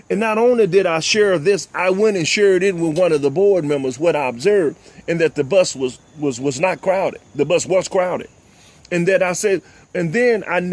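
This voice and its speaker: An older man, hosting a talk show and delivering impassioned, preachy commentary, often repeating "ladies and gentlemen.". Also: fairly high pitch. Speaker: host.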